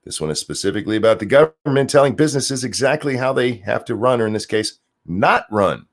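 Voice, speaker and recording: A man's voice: medium pitch, expressive, fast. A man hosting a stream, ranting sarcastically and profanely as he reacts to viewer comments. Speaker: streamer host.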